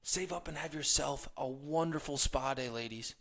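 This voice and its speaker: A man hosts a motivational talk with a bright, tense voice at a middle pitch. He tells stories with energy, laughs along with them, and drops to hushed asides before rising to loud emphasis. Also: moderate pace. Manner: energetic storytelling, laughs while telling stories. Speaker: podcast host.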